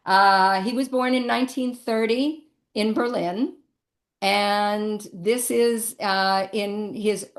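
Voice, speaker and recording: A middle-aged woman giving a personal family-history talk over a video call, conversational and emotional, with many ums and restarts. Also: mid-range voice. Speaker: presenter.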